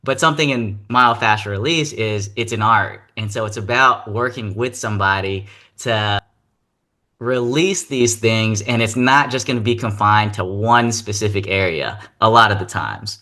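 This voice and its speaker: A man's voice: fairly low pitch, moderate pace, sharp tone. A man hosting an interview podcast, talking reflectively and asking his guest questions. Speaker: podcast host. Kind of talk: casual interview talk.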